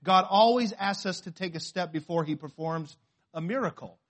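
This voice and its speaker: A man from the western United States preaching a sermon in a lively, conversational way, acting out quotes and often restarting his sentences. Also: high-pitched, normal speed. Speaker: pastor.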